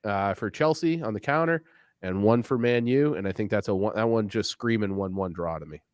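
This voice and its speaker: A man co-hosting a sports betting podcast, giving measured, analytical takes. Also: lowish voice, dry recording. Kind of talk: casual podcast chat.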